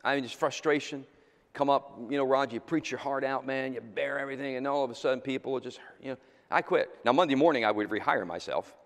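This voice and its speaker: A middle-aged male pastor preaching a sermon, swinging between loud exhortation and quiet, intimate asides. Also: mid-range voice, fast talker. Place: church sanctuary. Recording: long hall reverb in a church sanctuary.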